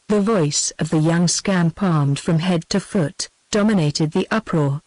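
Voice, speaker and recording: A synthetic woman's voice with a British accent narrating an audiobook in an even text-to-speech delivery. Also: on the low side, measured pace, hardly any pauses, dry recording, rough recording. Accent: British English. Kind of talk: scripted narration.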